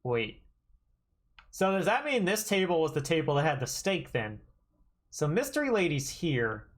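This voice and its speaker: Thirties streamer, lively swooping voice, chatty jokey game commentary. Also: medium pitch, moderate pace. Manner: chatty, jokey, reacts loudly. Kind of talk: gaming livestream commentary, reading game dialogue aloud.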